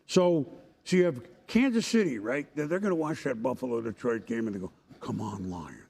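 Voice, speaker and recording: A man hosting a sports studio show, chatting about the week's games and leading into the highlights. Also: animated, fairly quick, creaky, darkish tone. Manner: conversational, leads the segment and throws to highlights. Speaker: studio host.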